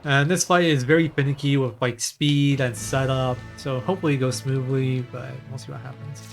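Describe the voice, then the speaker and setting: A man's voice: mid-range voice, steady tone, normal speed, creaky. Casual speedrunner man thinking aloud. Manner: casual, chatty, thinking aloud while playing. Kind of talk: live speedrun commentary. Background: game music.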